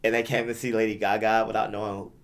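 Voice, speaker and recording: A man's voice: fairly low pitch, flat delivery, fast. A young man chatting casually as a podcast co-host, rambling and often stumbling over and repeating his words. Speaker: podcast co-host back from a gaming convention. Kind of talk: casual chat.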